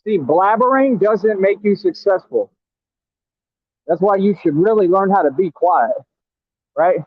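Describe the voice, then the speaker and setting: A man taunting a rival while riding a scooter outdoors, his voice high for a man and prone to stammering restarts. The sound is thin and phone-like, and close and dry. It is a cocky, trash-talking vlog. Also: lively intonation, unhurried, dry recording. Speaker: vlogger.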